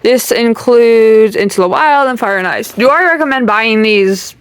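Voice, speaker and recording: A woman's voice: a little high, moderate pace, clean tone, no room sound. A young woman giving a casual bookshelf tour, chatty and rambling, often trailing off with ums and little giggles. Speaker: channel host.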